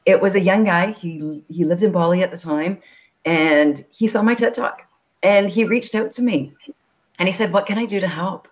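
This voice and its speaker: A nonprofit founder guesting on a live show, telling stories in a chatty, animated way with lots of fillers. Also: medium pitch, normal speed.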